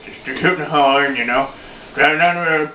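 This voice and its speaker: A man's voice: on the high side, fairly quick, slight background noise, lightly acted. A man playing a foul-mouthed, boastful old redneck in his sixties, telling a rambling, profane story as a comedy monologue. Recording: roomy, dull lo-fi home video.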